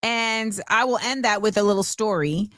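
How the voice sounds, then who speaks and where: A woman's voice: medium pitch, moderate pace, no echo, studio quality. A woman hosting a casual talk show, telling stories with acted-out quotes. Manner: animated storyteller, acts out quotes. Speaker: host. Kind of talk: casual chat.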